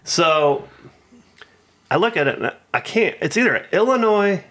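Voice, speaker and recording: A man's voice: high-pitched, lively intonation, unhurried, a bit bright. A man telling a long rambling story in casual chat with a friend. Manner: rambling anecdotal, acts out quoted voices.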